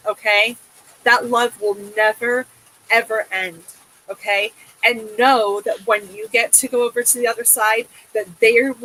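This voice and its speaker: A woman's voice: on the high side, pushed and bright, breathy edge, rough recording. A woman giving a tarot reading in a casual, emotive way, swearing often and checking in with a soothing "okay?". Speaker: tarot reader.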